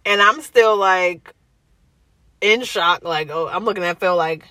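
A woman's voice: lowish voice, a little slow, no room sound. A young woman telling a personal story in casual chat, acting out the voices of the people she quotes. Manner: animated, acts out quoted voices.

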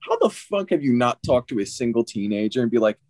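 A young man chatting casually, his voice swinging widely in pitch as he mocks and swears with easy energy. The sound is dry and close, with no room around it. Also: quick pace, dry recording. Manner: animated, mocking, swears freely. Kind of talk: casual chat.

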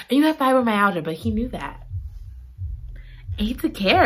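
Animated woman gushing about a book. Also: on the high side, normal speed, long pauses, a little hiss or hum. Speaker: book reviewer. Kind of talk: casual chat.

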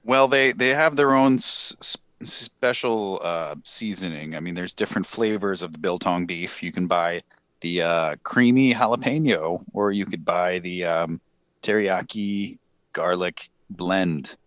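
A man co-hosting a comedy podcast, rambling through sponsor reads with a deadpan manner and lots of fillers. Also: sits low, measured pace, no room sound. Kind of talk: improvised comedy podcast banter.

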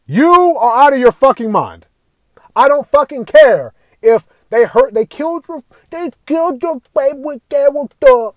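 A man's voice: extremely high pitch, big pitch swings, measured pace, no room sound. A man delivering an angry, profane rant to camera, swearing constantly and raising his voice at times. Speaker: video ranter.

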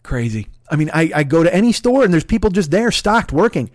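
A man from the United States, middle-aged, pitched well above most men. He rants in a heated, sarcastic monologue thick with profanity. The sound is dry, with no room in it. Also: very animated, brisk, no echo. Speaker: podcast host. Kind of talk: ranting monologue.

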